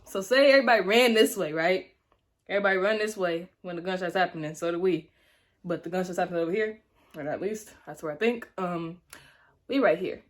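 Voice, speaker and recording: A young woman telling a storytime vlog in a chatty, slangy way, with sudden dramatic jumps in pitch. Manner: slangy casual speech. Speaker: vlogger.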